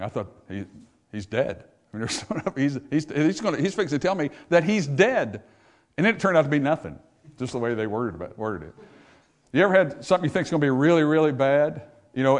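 A man preaching a sermon, swinging between loud emphatic bursts and quiet, conversational asides. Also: mid-range voice. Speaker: pastor.

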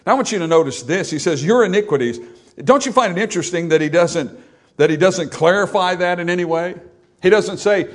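Preaching with emphasis, a male pastor speaks in a high-pitched, animated, brisk voice, throwing rhetorical questions at his congregation and building loudly while quoting scripture.

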